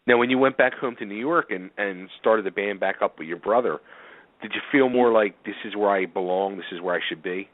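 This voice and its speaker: A male interviewer with a low voice asks relaxed, open questions and offers quick reactions. The sound is narrow and tinny, like a phone call. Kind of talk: casual interview.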